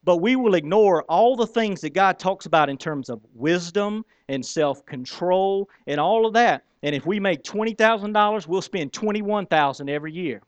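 A man preaching a sermon in an animated, conversational storytelling manner. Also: high-pitched, moderate pace, hardly any pauses, clear, resonant tone, no echo, highs cut off. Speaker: pastor.

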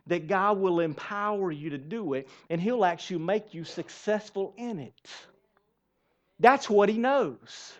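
Male preacher, high voice, animated sermon with audience questions, muffled lo-fi church recording. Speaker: pastor.

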